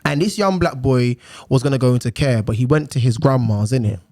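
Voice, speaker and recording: A man, a social worker telling stories in casual podcast chat, lively and full of slang. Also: mid-range voice, fairly quick. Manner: lively storytelling, heavy slang.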